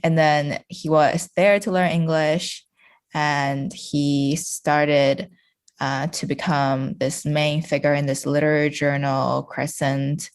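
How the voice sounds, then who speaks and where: A woman from China with a notably low voice, chatting on a podcast as a guest. Her talk is loose and casual, full of fillers, and she laughs often. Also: little pitch movement, slow.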